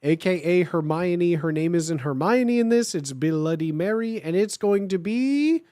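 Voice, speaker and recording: A streamer reading fan fiction aloud on a live stream, chatty and excitable, talking straight to the chat. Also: medium pitch, unhurried, no echo, studio quality.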